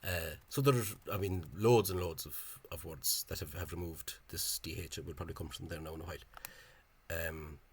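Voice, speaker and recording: A man talks through language spelling in a relaxed, unscripted way, his voice very low and a little husky. He speaks haltingly, stumbling over repeated words and filler sounds. He comes across as opinionated and blunt. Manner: opinionated, dismissive of official spelling. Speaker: language enthusiast explaining spelling. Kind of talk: casual explanatory monologue.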